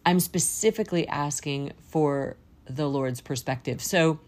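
A woman's voice: low voice, unhurried, a little mellow, soft background music. A woman hosting a faith podcast, talking earnestly and praying aloud, playful and sometimes slipping into put-on accents. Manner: earnest, prayerful. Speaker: podcast host. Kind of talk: faith podcast monologue with spoken prayer.

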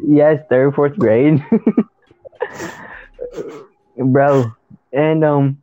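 A man's voice: a little high, fairly even intonation, drawn-out words, dry recording. A young man telling a story in rambling, slangy casual chat, laughing along. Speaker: podcast co-host. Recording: dry, tinny phone-like sound.

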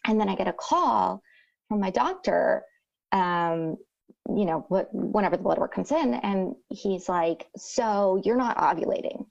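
Speaking a little slowly with vocal fry, this woman has a mid-range voice, and the audio comes across dull. She's in her thirties, hails from the Rio Grande Valley of Texas, and animatedly acts out quotes while telling a story in casual conversation.

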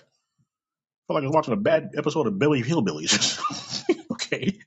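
A man's voice: on the high side, wildly swooping pitch, a little fast, pauses often, husky. A middle-aged man hosting a podcast, talking casually in a blunt, profane storytelling way. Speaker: podcast host. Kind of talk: casual monologue. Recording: dull lo-fi recording.

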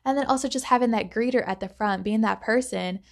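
A woman's voice: a little high, brisk, gravelly. A young woman hosting a solo podcast, talking casually with lots of fillers and acting out her own thoughts in quotes. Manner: chatty, rambling, many fillers; animated, acts out quoted thoughts. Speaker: podcast host.

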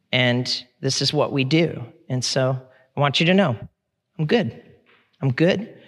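A man's voice: medium pitch, fairly bright tone. A middle-aged man preaching as a pastor, candid and conversational, with fillers and restarts. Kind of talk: sermon. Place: church sanctuary. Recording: long reverb of a large hall.

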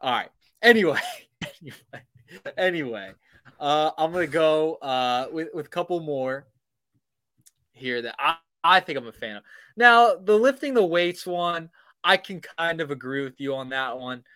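A young man co-hosting a sports podcast, talking playfully with lots of halting restarts. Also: on the high side, animated, bright, forceful tone. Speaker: podcast co-host. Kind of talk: casual sports podcast chat.

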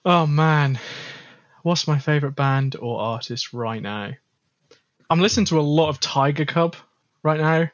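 A man's voice: on the high side, unhurried, dry recording, lo-fi sound. A man, a band's guitarist, telling a story in a casual chat, with lots of fillers. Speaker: guest guitarist.

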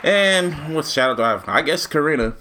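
A man co-hosting a podcast, chatting casually, animated and laughing, often mimicking other people. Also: fairly high pitch, a little fast, a loud crowd. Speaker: podcast co-host.

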